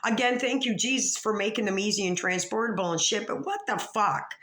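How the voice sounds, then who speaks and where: A woman vlogger in a rambling, profane rant that calls out other creators. She stammers and restarts, and she swings from low mutters to sharp outbursts. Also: a little fast. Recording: echoey room.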